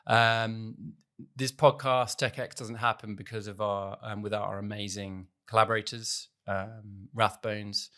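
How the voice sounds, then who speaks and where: A man hosts a casual podcast chat in a recording studio on the island of Jersey, rambling with lots of fillers and restarts. His voice is lowish with little pitch movement, and his measured delivery carries a bright, forceful tone.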